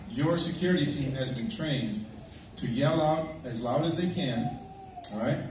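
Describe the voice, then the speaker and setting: A church elder walks a congregation through a security drill in a large, echoey church hall, speaking conversationally and checking in with the audience often. His voice is a little high with a darkish tone. It was captured on a distant livestream device, so the audio is very echoey, far-off and noisy.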